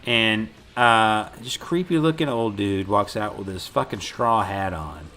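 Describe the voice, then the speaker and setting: A man's voice: lowish voice, unhurried. A man co-hosting a casual podcast, retelling a movie scene by scene with lots of swearing and laughter. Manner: animated storytelling, swearing, laughing often. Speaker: podcast co-host. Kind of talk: casual chat recapping a movie.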